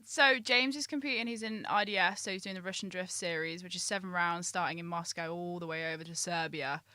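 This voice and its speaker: Chatty young woman, podcast guest, bright clear voice, dry close sound. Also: fairly low pitch, brisk, no echo. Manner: chatty and upbeat, with frequent restarts. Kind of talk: casual chat.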